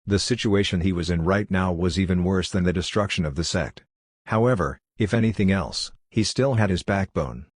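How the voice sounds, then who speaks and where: A man narrating a fantasy audiobook in a steady, even reading. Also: low voice, normal speed, dry recording, studio quality. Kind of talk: scripted narration.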